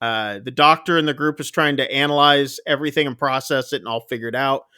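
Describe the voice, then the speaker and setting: A man casually retelling a film's plot on a podcast, chatty and loose, with quick asides. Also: mid-range voice, sharp tone, clear, resonant tone, no room sound, studio quality. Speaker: podcast co-host. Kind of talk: casual movie recap chat.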